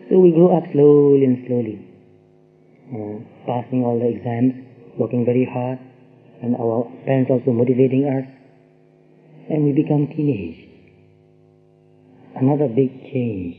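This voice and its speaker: A man with a Burmese accent giving a dharma talk in English as a monk, with gentle, repetitive phrasing and soft pauses. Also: medium pitch. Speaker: monk teacher. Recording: tinny phone-like old tape.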